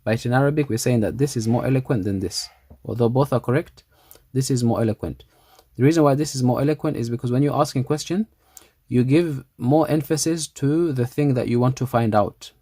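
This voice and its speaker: Male language teacher, mid-pitched voice, patient and repetitive, close dry sound. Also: warm tone, breathy edge, dry recording. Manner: reads Arabic lines slowly, repeats them, then translates. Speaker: Arabic teacher. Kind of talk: explaining a textbook dialogue.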